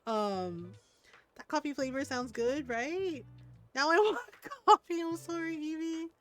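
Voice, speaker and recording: Chatty grandmother streamer, higher voice. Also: big pitch swings, slow pace, fairly bright tone, soft background music. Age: older. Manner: chatty storyteller, laughs often, says "right?" a lot. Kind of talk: casual chat while playing a game.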